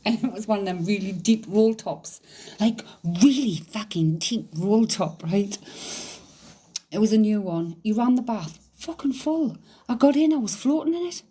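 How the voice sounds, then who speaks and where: A middle-aged woman, chatting casually on a livestream, excitable, laughing often and swearing freely. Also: medium pitch, moderate pace, husky. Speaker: psychic medium livestreamer. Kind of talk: casual livestream chat reading comments.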